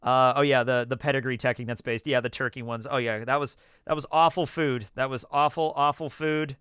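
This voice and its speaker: A man's voice: medium pitch, fairly quick, clear, resonant tone, dry recording, studio quality. A man chatting casually on a live stream, answering questions and telling rambling stories with laughs. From United States. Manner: rambling, animated storytelling with laughs.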